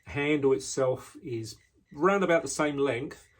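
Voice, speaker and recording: Slow, easygoing male knife maker. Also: fairly high pitch. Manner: relaxed, unhurried, frequent ums and restarts. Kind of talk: casual product walkthrough. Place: indoor workshop.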